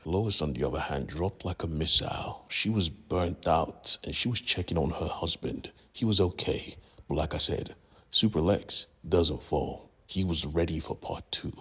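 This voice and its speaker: A man's voice: sits low, normal speed, fairly bright tone, slightly rough. A man casually retelling a comic book story, slangy and profane. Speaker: comic book recap narrator.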